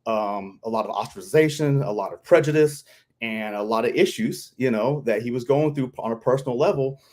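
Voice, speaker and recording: A veteran from Kentucky, chatting on a live stream and acting out what people said. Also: male voice, mid-range voice, fairly quick. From Kentucky, US South. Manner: animated storyteller, acts out quotes. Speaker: guest, veteran. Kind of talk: casual live-stream chat.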